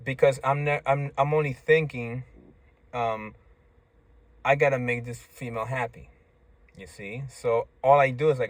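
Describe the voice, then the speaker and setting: A man's voice: mid-range voice, steady tone, a little slow, no echo. A man talking in a casual, rambling monologue, stammering through restarts and tagging lines with "right?" and "you see?".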